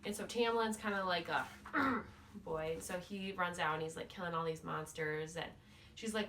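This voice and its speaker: A woman's voice: fairly low pitch, moderate pace, fairly bright tone. A woman giving a casual, playful book recap as a vlogger, leaning heavily on "like" as she retells the plot. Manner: chatty, playful, says "like" constantly. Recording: voice somewhat far from the mic.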